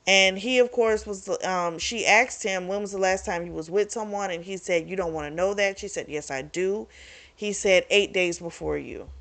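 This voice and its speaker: Young woman vlogging a book recap, chatty, blunt, curses a lot, mid pitched voice. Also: normal speed, fairly bright tone. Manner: chatty, frank, swears freely, lots of asides. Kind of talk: casual book review recap.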